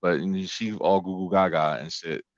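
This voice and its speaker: A podcast host with a deep voice and moderate pace tells stories on a dry, dull-sounding recording. He's an animated storyteller, cracking crude jokes and acting out the voices of people he quotes.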